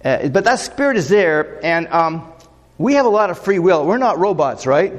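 Chatty pastor in an echoing hall. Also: male voice, high-pitched, very animated, normal speed. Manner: conversational, rambling with fillers and rhetorical questions. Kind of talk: sermon.

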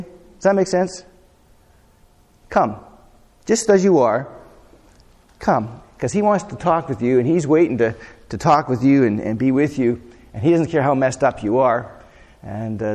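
A man's voice: on the high side, a little mellow. Man preaching in a reverberant hall. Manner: conversational, asks the congregation questions. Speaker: pastor. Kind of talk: sermon.

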